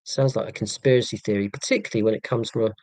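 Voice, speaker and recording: Monotone man, dry humour. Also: lowish voice, rapid-fire, dry recording. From England. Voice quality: monotone delivery. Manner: dry, self-deprecating humour. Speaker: live streamer. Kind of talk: casual live-stream chat.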